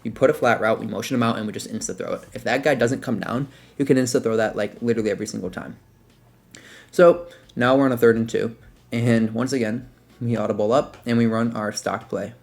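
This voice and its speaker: A man's voice: medium pitch, fairly quick, gravelly. A young man giving a casual, rambling commentary over his football video game footage as a content creator. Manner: relaxed, rambling, filler-heavy breakdown of plays.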